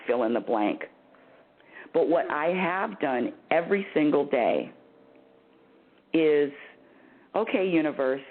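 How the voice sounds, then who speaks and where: A woman hosts a spiritual call-in talk, her pitch swinging up and down as she goes. She laughs easily and circles back over her words. The sound is thin and phone-like. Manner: animated, laughing, repeats words. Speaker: spiritual talk show host. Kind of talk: phone-in radio advice chat. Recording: tinny phone line.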